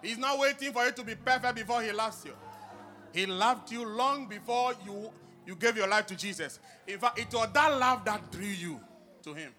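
A man preaching a sermon and leading his congregation in call-and-response shouts. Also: high voice, normal speed, faint music behind.

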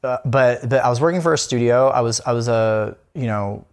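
A man's voice: mid-range voice, brisk. A man co-hosting a podcast, talking candidly in a casual chat, rambling with many fillers and restarts. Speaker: podcast co-host.

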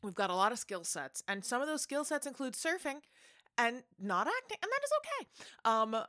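A woman's voice: fairly high pitch, big pitch swings, a little fast, pushed and bright, no echo, clean studio sound. A woman co-hosting a casual movie podcast, cutting in with opinions and playful commentary. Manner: opinionated, interrupts to comment, acts out scenes. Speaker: podcast co-host. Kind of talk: casual movie review chat.

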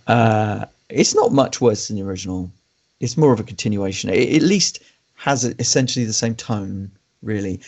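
Podcast co-host, male, gravelly fry, easygoing opinionated film chat. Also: lowish voice. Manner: relaxed, opinionated, with fillers and restarts. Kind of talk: casual film review chat.

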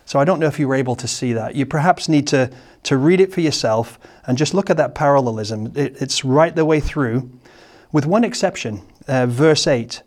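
A man preaching a sermon, explaining a psalm in a halting, searching way and often repeating words, then reading scripture slowly. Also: medium pitch, lively intonation, a little mellow. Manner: slow, measured scripture reading.

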